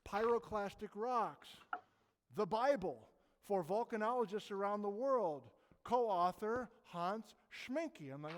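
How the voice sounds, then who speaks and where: A man's voice: high-pitched, animated, takes it slowly, in a large hall, a little hiss or hum. A man in his fifties giving an informal geology talk, telling stories enthusiastically with chatty, self-deprecating asides. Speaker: geologist lecturer.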